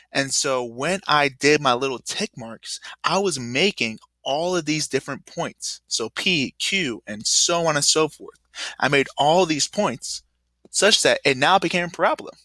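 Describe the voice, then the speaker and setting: A man teaching a casual, rambling video math lesson, often filling pauses with "uh". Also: medium pitch, bright, forceful tone, no echo.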